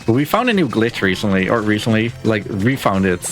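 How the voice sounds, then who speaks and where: A man speedrunning a game on a live stream, explaining his moves in a relaxed, casual way with plenty of filler words. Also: lowish voice, brisk. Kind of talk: casual live gameplay commentary. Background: game music.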